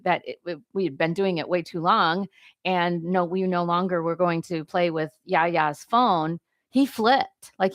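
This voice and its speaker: An older woman leads an informal devotional teaching at a middle pitch. She talks loosely and conversationally, correcting herself and tossing in "right?" as she goes. The sound is close and dry, with no room around it. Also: a bit bright, dry recording. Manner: conversational, self-correcting, asks "right?" often. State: briefly choked up. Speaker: Christian leadership teacher.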